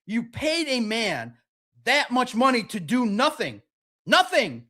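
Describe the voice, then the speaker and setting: A man with a notably high voice hosts a sports podcast. He rants with heat and hammers each point, repeating words and mocking the other side. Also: huge pitch swings, takes it slowly, sharp tone. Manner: emphatic, repetitive, mocking. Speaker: podcast host. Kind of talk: heated sports podcast rant.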